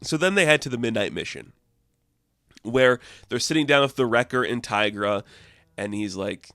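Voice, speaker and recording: A man talks through a comic book issue in a loose, rambling way, leaning on "like" and "I guess" as he goes. His voice sits at an ordinary middle pitch. The sound is dry and close, with no room echo. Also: animated, moderate pace, pushed and bright. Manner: rambling, heavy use of "like" and "I guess". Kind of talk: casual spoken review.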